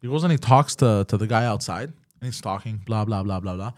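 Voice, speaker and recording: Animated, profane male podcast host. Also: on the low side, fairly quick, dry recording, studio quality. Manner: animated, profane, acts out both sides of the story. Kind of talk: casual storytelling chat.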